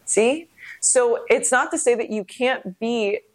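A woman's voice: fairly high pitch, slow. A young woman hosting a podcast, talking candidly in a rambling, casual way with many fillers and some swearing. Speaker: podcast host. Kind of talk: casual personal monologue.

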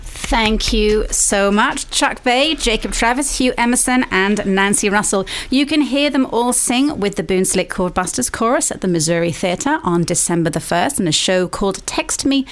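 A woman's voice: mid-range voice, animated, normal speed, few pauses, slight background noise. This is a woman hosting a radio show, her voice sitting in the middle of the range. She sounds keen and curious as she leads the conversation, speaking at an ordinary pace. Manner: enthusiastic, warmly curious interviewer. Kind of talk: radio interview and accent lesson.

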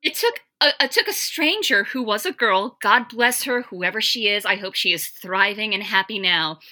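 A woman's voice: medium pitch, animated, normal speed, pushed and bright. A woman, candidly telling a wry story in a casual podcast chat. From US South.

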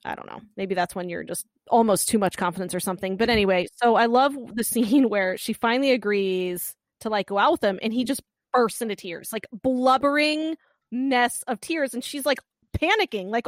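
A woman's voice: fairly high pitch, brisk, dry recording. A woman co-hosting a podcast, chatting casually about a drama series and retelling scenes with lots of energy. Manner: animated retelling with acted quotes and laughs. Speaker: podcast co-host.

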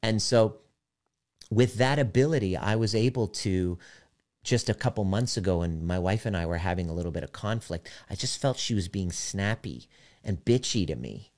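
Man, deep voice, personal development coach, candid storytelling, swears freely. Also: animated, moderate pace, darkish tone. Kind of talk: casual monologue.

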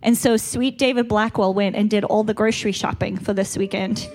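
Slight background noise accompanies a South African woman speaking fairly quickly in a medium, slightly mellow voice with fairly even intonation. As a retreat speaker with a stuffy nose, she delivers a candid, conversational church talk and occasionally laughs at herself.

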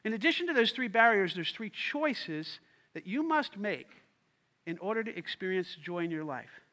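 A man's voice: sits high, big pitch swings, moderate pace, pushed and bright. A male pastor delivering a sermon in an emphatic preaching manner, repeating key lines and calling on the congregation to respond.

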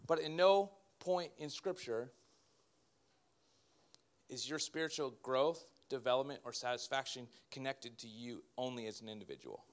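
A man, a pastor, preaching a sermon in an animated way with joking asides to his congregation. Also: mid-range voice, moderate pace.

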